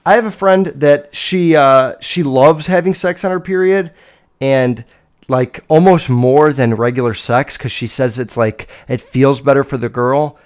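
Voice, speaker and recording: A young man hosting a casual solo podcast, telling stories in a blunt, rambling way full of swearing, with loud bursts and low mutters. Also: measured pace, clean tone. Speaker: podcast host.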